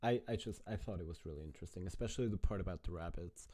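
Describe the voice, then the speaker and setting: A man's voice: deep voice, racing, mellow. Casual, swearing man reacting to a clip. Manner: chatty, swears freely, talks to chat. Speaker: streamer reacting to a video.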